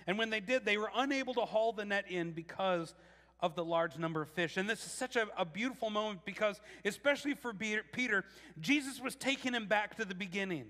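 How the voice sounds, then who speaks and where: A man preaching a casual, animated sermon, restarting phrases often and acting out quotes. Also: high-pitched, a little fast, big-room sound. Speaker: pastor.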